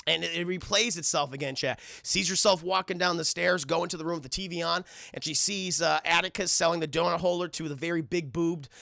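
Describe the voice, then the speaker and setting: A man streaming a cartoon review, recapping scenes in a casual, profane way. He sounds animated and keeps talking to his chat. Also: a little high, brisk, creaky, few pauses, dry recording, studio quality. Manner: animated, swears a lot, keeps addressing the chat.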